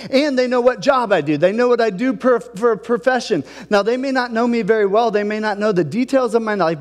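A male pastor from Ohio gives a relaxed, chatty sermon and keeps asking his listeners questions. His voice sits high for a man. The sound rings with the long reverb of a church hall. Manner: conversational, asks the congregation questions.

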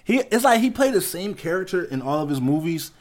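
A man's voice: sits high, big pitch swings, fairly quick. A young man hosting a podcast in casual chat, talking in loose, profane, slangy banter. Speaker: podcast host.

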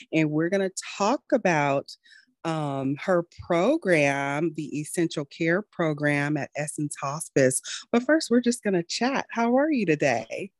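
A woman's voice: on the low side, dry recording. A middle-aged woman doctor hosting a healthcare podcast, chatty and encouraging. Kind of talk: podcast chat and scripted intro.

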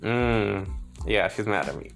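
A man with a fairly low voice talks as a psychic medium, relaying messages in a gentle, stop-and-start way. He repeats himself and laughs softly between thoughts. Faint music plays behind him. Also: lively intonation, vocal fry. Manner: gentle, halting, repeats words often; emotional, laughs between lines. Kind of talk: spirit reading, relaying messages.

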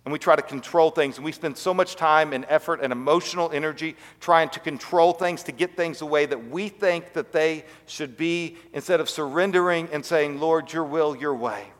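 A man preaching a sermon as pastor, telling stories earnestly and dropping to quiet emphasis. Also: fairly high pitch, fairly even intonation, moderate pace, hardly any pauses, in a large hall.

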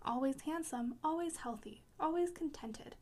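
A woman's voice: sits high, moderate pace, a little mellow, pitched above the performer's own voice, natural voice. A woman voicing a restless young married woman who asks insistently and pleadingly.

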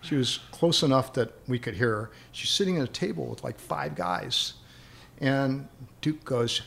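A man's voice: mid-range voice, normal speed, vocal fry, a bit bright. A man, an interview guest, telling long rambling anecdotes and chuckling as he remembers them. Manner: rambling, chuckling as he recalls stories. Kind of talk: anecdotal storytelling.

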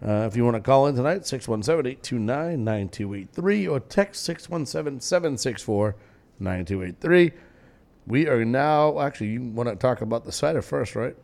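Animated, jokey male radio host. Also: mid-range voice, normal speed, vocal fry. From New England. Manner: jokey, animated, laughs often. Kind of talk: casual radio banter. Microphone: studio mic.

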